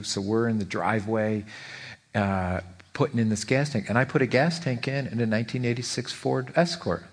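A man's voice: lowish voice, steady tone, fairly quick. Middle-aged man preaching a conversational sermon. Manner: storytelling, rhetorical questions, repeats words. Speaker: pastor.

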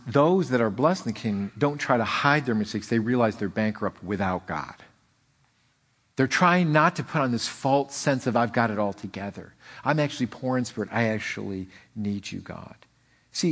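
A man preaching a sermon in an animated way, often repeating words and acting out the people in his stories. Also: mid-range voice, husky. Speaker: pastor.

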